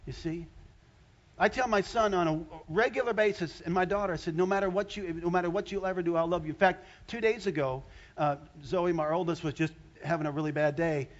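A man's voice: sits high, fast, muffled recording. An older man preaching a sermon in a conversational way, often rising into emphatic bursts. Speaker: pastor.

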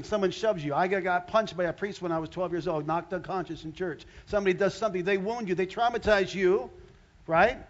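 A man preaching a sermon as a pastor, animated, swinging between loud exclamations and hushed asides. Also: sits high, highs cut off.

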